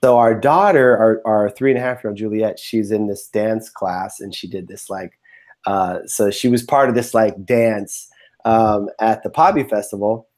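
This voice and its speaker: A male podcast host in casual chat who rambles along with plenty of fillers. He sounds relaxed and talkative. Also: fairly low pitch, moderate pace. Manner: chatty, rambling, many fillers.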